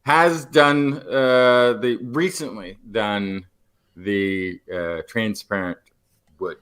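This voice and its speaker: A man's voice: lowish voice, drawn-out words, smooth. A man co-hosting a science podcast, joking and chatty, with many fillers. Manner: animated, jokey, many fillers. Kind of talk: casual science podcast talk.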